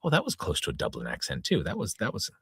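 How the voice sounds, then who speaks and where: Low-pitched, creaky and breathy, this man's voice swoops wildly in pitch and moves fast. In his 40s to 50s, he hosts a casual reading podcast, reading a comic news-style piece in a tongue-in-cheek, mock-dramatic newsreader manner while stumbling and restarting over words. The recording is dry and studio quality.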